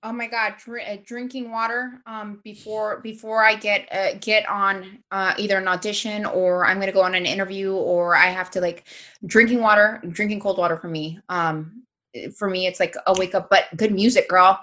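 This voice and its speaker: A woman's voice: medium pitch, fairly even intonation, normal speed, bright, forceful tone. Emphatic woman guest on a podcast. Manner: emphatic, upbeat, affirming; swears freely. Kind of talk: casual podcast conversation.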